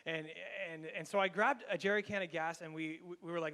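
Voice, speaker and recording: Laughing and quickly restarting his sentences, a Canadian pastor animatedly tells a story from the pulpit. His rather high voice trails off into the church's long, hall-like reverb.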